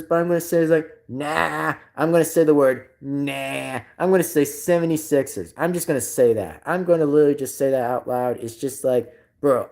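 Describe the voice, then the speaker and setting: A woman's voice: sits low, dark tone. A woman streamer chatting casually on a livestream, rambling and repeating herself, often laughing.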